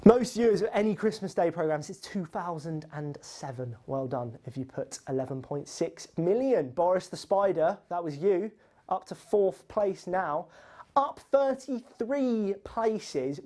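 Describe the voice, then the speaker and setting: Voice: medium pitch, expressive, moderate pace, dark tone. A quiz host running a live online quiz, reading out questions and scores in a chatty, teasing, upbeat way.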